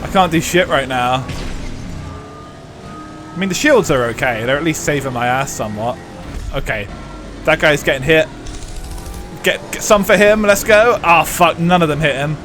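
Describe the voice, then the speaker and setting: A young man streams a racing game live, chatting casually with viewers while rambling, swearing and using plenty of fillers. His voice is fairly high and a bit bright at a normal speed, with long pauses and faint background music.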